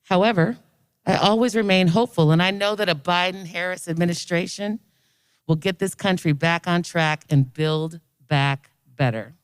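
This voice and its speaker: A woman's voice: fairly low pitch, moderate pace, clear, resonant tone, no echo. A woman hosting a roundtable, reading a formal prepared introduction of a speaker. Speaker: event host introducing a speaker. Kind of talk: speech at a community roundtable.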